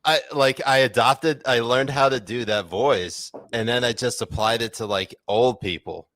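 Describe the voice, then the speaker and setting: A man's voice: medium pitch, normal speed, fairly bright tone, no room sound. A man co-hosting a podcast in casual, rambling chat with many fillers and jokes. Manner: rambling, lots of fillers, jokey. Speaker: podcast co-host.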